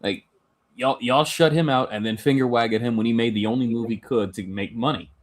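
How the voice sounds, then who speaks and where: A man's voice: mid-range voice, fairly quick. A man co-hosting a boxing talk stream, making dry, wry remarks. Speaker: co-host. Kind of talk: casual chat.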